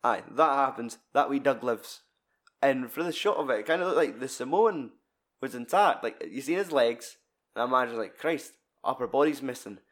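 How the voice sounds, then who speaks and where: A man's voice: medium pitch, normal speed. A man with a Scottish accent, chatting casually about a film as a podcast co-host, swearing freely and acting out scenes. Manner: sweary, animated, acts out film scenes in shouted voices.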